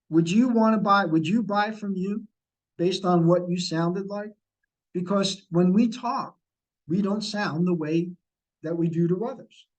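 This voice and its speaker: A man's voice: sits high, a little mellow, lo-fi sound. A middle-aged man leading a sales training session over a video call, coaching and repeating key points. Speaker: real estate sales trainer.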